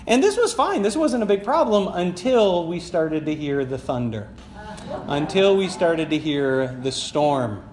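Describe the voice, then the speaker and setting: A man's voice: on the high side, big pitch swings, measured pace, darkish tone. A man preaching a sermon as a conversational personal story, with many fillers and laughing at himself. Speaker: pastor. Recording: echoey room with faint background noise.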